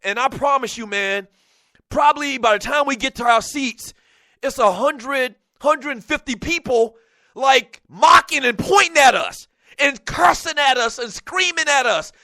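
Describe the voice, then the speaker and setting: A man hosting a sports radio talk show, telling a loose, animated story with frequent plugs for the show. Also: very high-pitched, measured pace, no room sound, studio quality.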